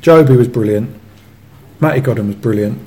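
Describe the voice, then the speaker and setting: A man's voice: mid-range voice, normal speed, warm tone. A man co-hosting a football podcast, talking enthusiastically and rambling with restarts. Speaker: podcast co-host. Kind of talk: casual football chat.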